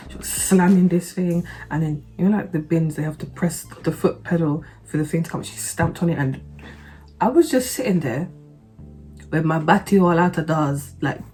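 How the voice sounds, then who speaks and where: A woman telling a story to camera in a blunt, sarcastic, expressive way. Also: sits low. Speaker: vlogger. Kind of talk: animated storytime monologue.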